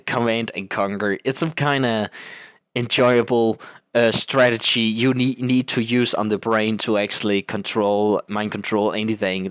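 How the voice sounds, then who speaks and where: A young man with a Danish accent talks through rambling gaming commentary. His voice sits at a middle pitch, with a dry sound and no room echo. He swears casually and keeps breaking into laughter between thoughts. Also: a bit bright. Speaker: gaming channel host.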